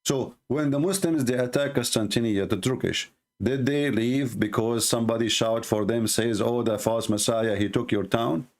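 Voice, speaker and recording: Man w/ arabic accent, arabic first language, arguing hard on a live debate stream, repeats himself, drags words out for stress. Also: mid-range voice. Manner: emphatic, argumentative, repeats phrases, slows for stress. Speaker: debate show host.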